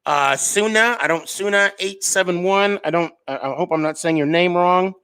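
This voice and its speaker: A man hosts a live sports podcast, talking loosely and casually with plenty of fillers and restarts. His voice sits a little high for a man. He rambles from one point to the next in a relaxed way. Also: moderate pace, clean tone.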